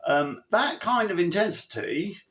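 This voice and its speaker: A horse trainer with a high-pitched, animated, fairly bright voice gives an emphatic, chatty riding lesson at a measured pace. He acts out his cues to the horse, restarting and tossing in asides as he instructs.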